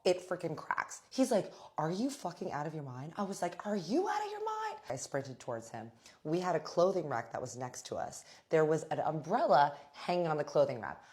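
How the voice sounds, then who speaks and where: A woman with a strikingly deep, low voice hosts a storytime vlog. She recounts her tale vividly and bluntly, with casual swearing and a chatty y'all to her viewers. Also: a little mellow.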